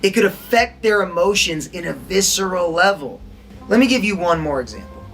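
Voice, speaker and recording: A man's voice: high-pitched, expressive, moderate pace, fairly bright tone, faint music behind. A man teaching a lesson as an acting instructor, quizzing his listeners and acting out tones of voice. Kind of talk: recorded lesson to an audience.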